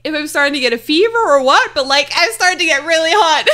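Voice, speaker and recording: A woman's voice: high voice, lively intonation, fast, pushed and bright. A woman streaming a game from home, chatting casually with her viewers, giggly, flustered and apologetic, slightly sick, talking close into a desk mic. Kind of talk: casual live-stream chat while gaming.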